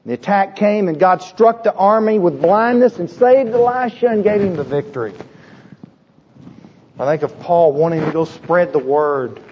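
A man preaching a sermon with a husky voice, emphatic and repetitive, asking the congregation rhetorical questions. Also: sits high, animated, moderate pace, in a large hall, muffled recording, a little hiss or hum. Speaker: pastor.

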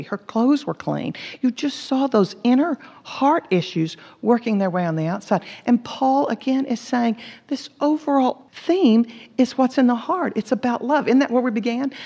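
Animated woman teaching the Bible, gravelly. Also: on the high side. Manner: animated storytelling, acts out quotes. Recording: dull reverberant hall sound.

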